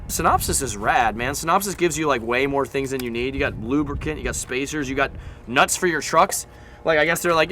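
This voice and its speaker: A young man from Southern California, a skateboarding vlogger telling stories in a chatty, animated way full of fillers. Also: medium pitch, fast, a little hiss or hum. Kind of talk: casual storytelling vlog.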